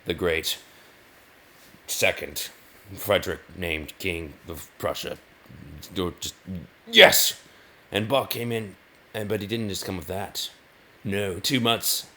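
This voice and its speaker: A man's voice: low voice, slow, pauses often, pushed and bright. A man giving rambling commentary over gameplay, often correcting himself mid-sentence. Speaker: gaming video host.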